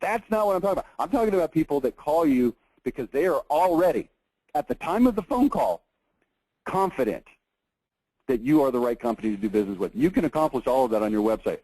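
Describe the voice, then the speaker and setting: A man giving a lively marketing seminar lecture, emphatic and animated, often checking in with "okay?". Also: mid-range voice, no echo, low-quality recording.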